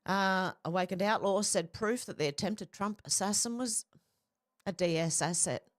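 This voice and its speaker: A woman's voice: mid-range voice, normal speed. An Australian woman hosting casual commentary, chatting and reading out posts with laughs between them. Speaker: host.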